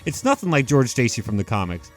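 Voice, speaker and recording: A young man giving casual, animated commentary on film adaptations, leaning heavily on "like" and emphatic rants. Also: mid-range voice, quick pace, faint music behind. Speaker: YouTube movie commentator.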